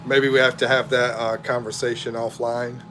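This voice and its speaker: A man's voice: medium pitch, flat delivery, normal speed, noisy background. A middle-aged man hosting a casual livestream, chatting in a drawling, rambling way as he reads out viewer comments. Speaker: livestream host.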